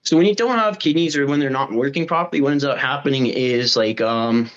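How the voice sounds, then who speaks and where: A man's voice: medium pitch, fairly quick, muffled recording. A man from Canada, a podcast guest, chatting casually in a rambling way, with lots of "like" and plenty of swearing. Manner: rambling, profane, heavy use of "like". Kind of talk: casual chat.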